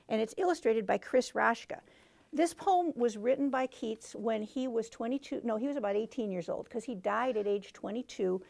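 A woman's voice: on the high side, vocal fry. A woman hosting a book talk for teachers, explaining in a teacherly way and reading poems aloud. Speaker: book reviewer and show host.

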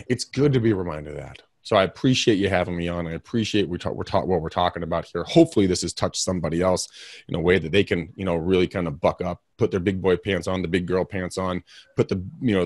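Low-voiced guy on an interview, super energetic and rambly, dry close mic. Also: fairly quick, no room sound. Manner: energetic, rambling, emphatic, with self-mocking asides. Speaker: realtor and podcast co-host, interview guest. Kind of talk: candid interview storytelling.

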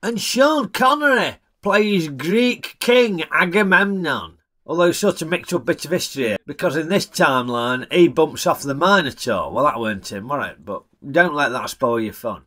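A man's voice: a little high, animated, normal speed, few pauses, pushed and bright. A man reviewing a film in a chatty, jokey way, using broad dialect. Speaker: film reviewer, channel host.

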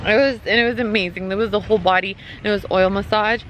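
A woman's voice: mid-range voice, steady tone, fast, fairly bright tone. A young woman vlogging on a trip, chatty and giggly as she talks to her viewers from a beach. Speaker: travel vlogger. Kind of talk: casual travel vlog chat. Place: outdoors at a beach and town streets. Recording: noisy outdoor street sound.

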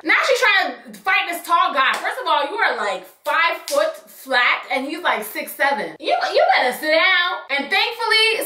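A young woman tells a storytime for her vlog, sassy and animated, acting out every line people said. Her voice sits high and bright. The sound is roomy, with the mic a bit off from her. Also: recorded from a distance. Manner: sassy, animated, acts out quotes. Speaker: YouTuber telling a story.

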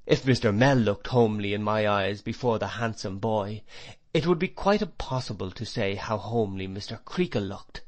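A man narrating a classic novel in a measured, expressive reading. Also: lowish voice. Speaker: audiobook narrator. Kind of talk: scripted narration.

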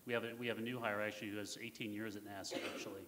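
A jet-lagged American man talks loosely on a conference panel, his low voice wandering through fillers. The sound carries a long hall reverb and a faint noise underneath. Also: little pitch movement, very fast, fairly bright tone. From United States. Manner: casual, rambling with fillers. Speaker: panel speaker.

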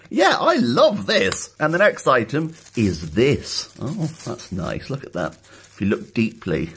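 A man unboxing a package in a casual vlog, joking and laughing, excited and upbeat. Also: mid-range voice, slight background noise. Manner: excitable, jokey, laughs often. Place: indoors, later outside in his back garden.

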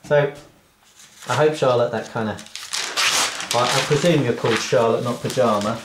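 A man's voice: medium pitch, normal speed, noisy background. A man, a cartoonist, talking through a casual drawing tutorial in a rambling, self-deprecating way and laughing at his own jokes. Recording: roomy echo.

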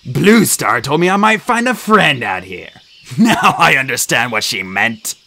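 A man voicing a senior male warrior cat who speaks loudly, slowly and with command. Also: mid-range voice, big pitch swings, vocal fry, exaggerated voice. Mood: firm.

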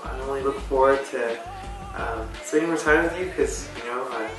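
A man's voice: medium pitch, moderate pace. A young man giving a rambling, hesitant birthday message to a friend, often trailing off. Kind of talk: casual birthday video message. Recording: very echoey room, far from the mic, music playing.

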